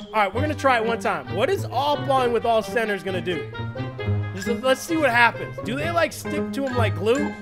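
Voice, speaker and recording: Excitable high-voiced man commentating gameplay. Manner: excitable, shouting at big plays. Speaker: gaming YouTuber.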